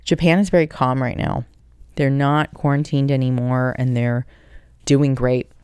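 A woman's voice: extremely low pitch, steady tone, measured pace, a little mellow, clear, resonant tone, no echo, studio quality. A woman hosting a casual solo podcast, reading out listener questions in a blunt, profane, upbeat way. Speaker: podcast host.

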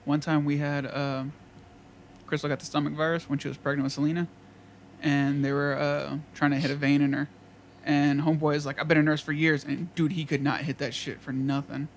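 A man's voice: a little high, little pitch movement, brisk, a little hiss or hum. A man in casual chat, telling stories with swearing and mocking asides. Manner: storytelling, profane, mocking.

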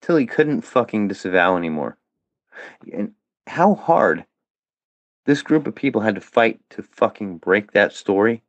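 A man's voice: on the low side, sing-song, measured pace, dry recording, dull audio. Furious, swearing man ranting at critics. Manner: heated, profane, confrontational. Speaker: guest, former fan of a comedian. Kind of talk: angry monologue addressed at critics.

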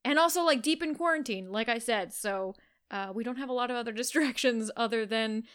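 A woman's voice: on the high side, brisk, a bit bright, clear, resonant tone. A Canadian woman co-hosting a podcast, chatting casually and laughing often. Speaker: podcast co-host. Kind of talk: casual chat.

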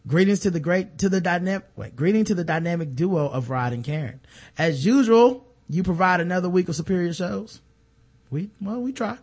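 A man co-hosting a podcast, chatting casually and reading listener emails aloud with low muttered asides. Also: expressive, brisk, a little mellow. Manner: laid-back, drops into a low mutter for asides, reads letters aloud. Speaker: podcast co-host.

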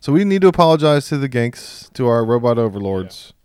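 A man's voice: mid-range voice, sing-song, fairly quick, a little mellow, smooth, no echo, clean studio sound. A man co-hosting a comedy podcast, bantering irreverently and laughing often. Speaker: podcast co-host.

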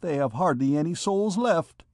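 A man's voice: a little high, lively intonation, normal speed, darkish tone, no room sound, clean studio sound, voice pushed up. A man doing a stammering ragged poet. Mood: pleading. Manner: stammering, pleading. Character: wretched ragged young male poet.

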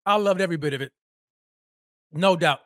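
A man's voice: on the high side, a little fast, a bit bright, no echo, clean studio sound. A man hosting a solo sports podcast, mocking and heated, hammering points by repeating himself. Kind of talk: solo sports commentary rant.

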